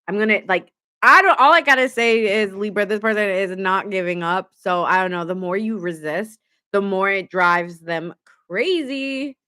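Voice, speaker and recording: A woman reading tarot cards on a casual live stream. She talks in a chatty, easygoing way, laughing often and acting out the voices of the people she describes. Her voice sits at an average pitch. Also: moderate pace, pushed and bright.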